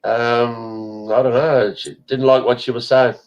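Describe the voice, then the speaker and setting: A man's voice: medium pitch, level tone, a little slow, highs cut off, background noise. A man hosting a casual group chat over a video call, blunt and rambling, swearing often. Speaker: host.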